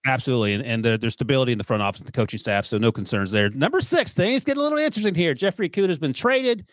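A man's voice: medium pitch, animated, no echo. A man hosting a podcast, leading the questions and joking with his guests in casual chat. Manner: quick, joking, leads the questions. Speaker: podcast host.

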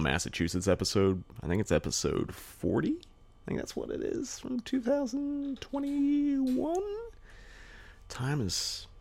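A man's voice: deep voice, a bit bright, no echo. A man co-hosting a podcast, telling a rambling, profane anecdote in a casual chat full of "like" fillers. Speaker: podcast co-host.

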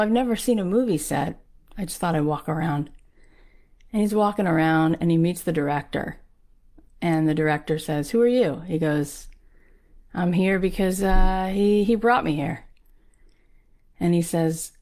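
A woman giving a motivational talk, telling a story with lively acted-out quotes. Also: lowish voice. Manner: animated, acts out quoted lines. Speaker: speaker on manifesting.

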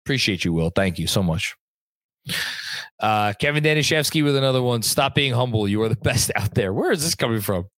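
A man's voice: mid-range voice, expressive, a little fast, fairly bright tone, dry recording. A young adult man hosting a casual sports live stream from home, reading out viewer comments with a rambling, chatty manner and some swearing. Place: home room at a computer.

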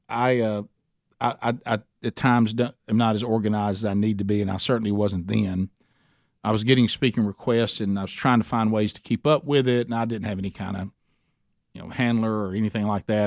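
A man's voice: fairly low pitch, fairly even intonation, fairly quick, dry recording, studio quality. Rambling man teaching Bible study. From Alabama. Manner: rambling, self-deprecating, many restarts. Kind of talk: storytelling Bible study talk.

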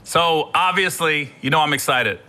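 Bright, lively man hosting a podcast. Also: fairly high pitch, normal speed. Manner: animated, swearing, rambling storyteller. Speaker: podcast host. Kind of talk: comedic storytelling.

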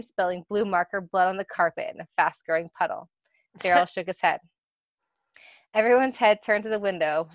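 A woman's voice: mid-range voice, dry recording. A woman podcast host reading fan fiction aloud, giggling and laughing often as she goes. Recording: dull dry lo-fi recording.

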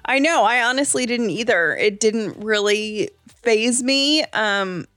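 A woman's voice: a little high, lively intonation, measured pace, a bit bright, no echo. A woman co-hosting a casual chat podcast, wry and matter-of-fact. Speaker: podcast co-host.

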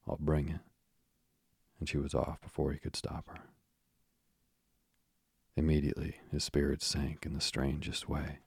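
A man narrating a classic children's story in a gently wry manner. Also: a bass voice, monotone, normal speed, creaky, pauses often, husky, dry recording, clean studio sound.

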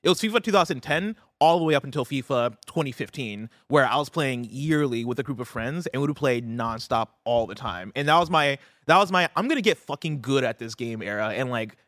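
Young dude rambling quick on a podcast, dry close sound, lots of "right?". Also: male voice, medium pitch, no echo. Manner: animated, swearing, quick storytelling with frequent "right?". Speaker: podcast co-host. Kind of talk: casual chat.

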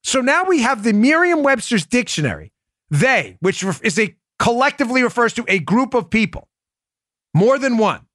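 High-voiced sarcastic male podcast host. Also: big pitch swings, moderate pace, fairly bright tone, no echo, studio quality. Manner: sarcastic, emphatic, mocking. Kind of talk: political commentary show.

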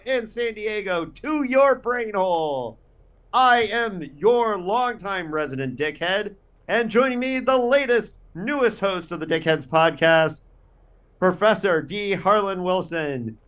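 A man hosts a podcast with a playful, jokey delivery. His voice sits high for a man. The sound is a bit dull and lo-fi. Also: a bit bright. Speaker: podcast host. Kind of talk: podcast hosting.

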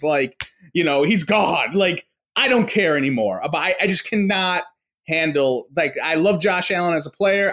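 A man's voice: on the high side, fairly bright tone. Ranting, cursing man on a podcast. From New York. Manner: ranting, profane, full of fillers and restarts. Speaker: podcast guest. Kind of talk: casual sports podcast chat.

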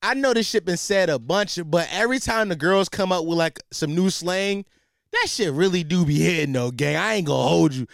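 A young man doing a comedic rant, animated and profane, full of slang and repeated restarts. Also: high voice, normal speed, vocal fry, no room sound, clean studio sound.

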